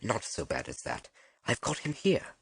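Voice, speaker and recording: A woman's voice: very deep voice, huge pitch swings, normal speed, slight background noise, pitched below the performer's own voice, exaggerated voice. A woman reading an audiobook, voicing a jovial, boisterous male doctor with thick emphasis. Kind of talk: audiobook narration.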